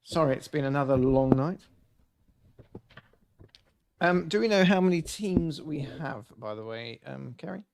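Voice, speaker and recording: A man's voice: on the high side, animated, a little slow, gravelly, pauses often, darkish tone. A man hosting an online family quiz in casual, jokey banter. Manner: jokey, slips into silly voices and song snippets. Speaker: quiz host.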